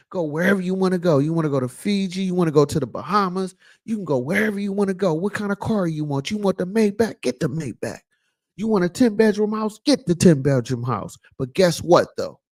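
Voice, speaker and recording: Preachy man with a fairly high voice. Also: a little mellow. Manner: preachy, repeats lines for emphasis; loose casual speech with many fillers. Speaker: vlog host. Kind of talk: casual commentary monologue.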